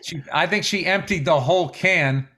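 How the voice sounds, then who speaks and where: A man's voice: on the high side, moderate pace, bright, forceful tone. A man co-hosting a podcast in casual chat, wry and joking, telling stories with lots of animation. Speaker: podcast co-host.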